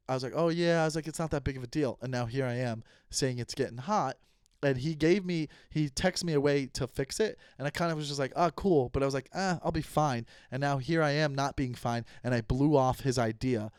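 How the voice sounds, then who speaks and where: A man hosting his own podcast, ranting heatedly and profanely at his critics, swinging between loud outbursts and low muttering. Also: clean tone, dry recording, clean studio sound. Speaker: comedian podcast host. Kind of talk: solo podcast rant. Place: Los Angeles.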